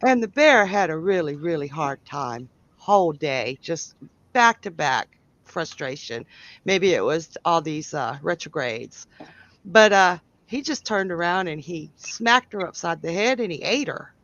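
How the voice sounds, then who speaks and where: Casting: slow-talking, opinionated tarot-reading host on a dull, dry stream mic. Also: medium pitch, animated, a bit bright, no room sound. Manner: chatty, giggly, blunt and opinionated. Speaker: psychic tarot reader and host.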